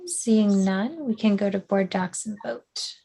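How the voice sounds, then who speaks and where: A woman's voice: mid-range voice, animated, unhurried, mellow, a little hiss or hum. Woman chairing a meeting, calling for motions and votes, some uhs. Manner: procedural, with fillers. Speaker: board chair.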